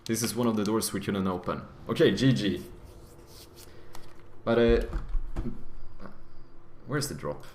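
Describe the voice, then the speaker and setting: A man's voice: fairly low pitch, a little slow, pauses often, background noise. A man streaming live, thinking aloud casually as he codes and plays, swearing freely. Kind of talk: live stream commentary while coding and gaming.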